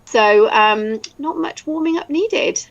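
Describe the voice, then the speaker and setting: A woman's voice: a little high, lively intonation, slow, vocal fry, highs cut off. An English woman in casual chat, talkative and laughing often, now and then swearing. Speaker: voice actor guest.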